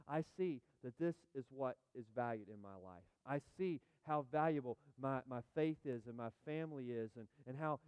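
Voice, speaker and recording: Emphatic man preaching in a dry, clear voice. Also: on the high side, no room sound. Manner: animated, emphatic preaching with repeated phrases and asides to the congregation. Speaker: pastor. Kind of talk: sermon.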